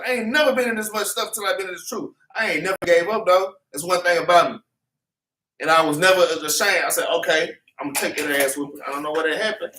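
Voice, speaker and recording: Before a congregation in a meeting room, a man with a high, sharp-toned voice teaches a Bible class. He preaches with fervent, repetitive street talk while scripture is read back to him. The mic is set far away in an echoey room.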